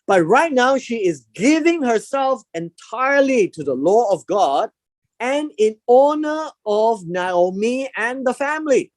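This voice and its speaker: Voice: medium pitch, sing-song, a little slow, dry recording. A Bible teacher giving a verse-by-verse lesson, explaining word meanings and repeating key words for emphasis.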